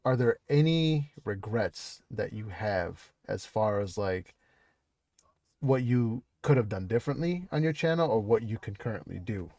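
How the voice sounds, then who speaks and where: A man hosting a relaxed podcast interview over a video call. He laughs a lot, swears casually and fills his speech with "you know" and "like". The sound is dry and close, with almost no room echo. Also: on the low side, unhurried. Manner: laughs often, loose and profane, many fillers. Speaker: podcast host.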